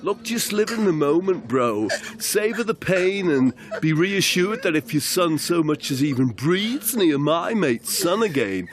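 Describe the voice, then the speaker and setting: A man voicing a pompous, menacing thug with a huge chin, sneering and slow in a comedy role-play. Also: fairly high pitch, sing-song, pitched above the performer's own voice. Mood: smug.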